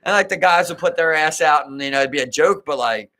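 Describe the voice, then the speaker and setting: A man's voice: a little high, fast talker, sharp tone. A man co-hosting a podcast, chiming in with blunt, profane remarks. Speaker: podcast co-host. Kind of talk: casual chat.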